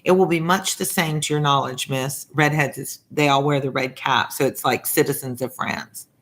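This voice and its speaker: A blunt, gruff working-class man, loyal and plain-spoken, voiced by a woman reading aloud in a low, deepened tone. He speaks bluntly, in a simple storybook reading. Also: steady tone, moderate pace, a bit bright.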